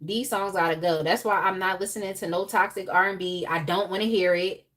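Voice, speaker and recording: A young adult woman hosting a live tarot reading, talking in a casual, animated way with laughs and chatty asides. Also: fairly low pitch, a little fast. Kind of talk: casual live-stream chat.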